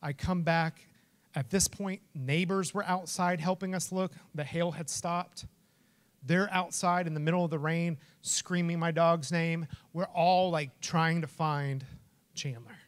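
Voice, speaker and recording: A middle-aged man preaching a sermon as a lively storyteller, acting out voices and shouting names. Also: fairly high pitch, unhurried. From Texas. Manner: animated storyteller, acts out quotes and shouts. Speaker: pastor.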